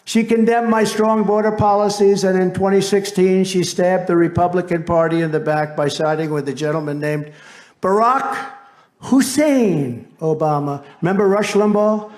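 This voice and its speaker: A man's voice: high voice, fairly even intonation, fairly quick, few pauses, a little mellow. A man who is a political candidate, giving a campaign rally speech in a rambling, boastful way with asides to the crowd.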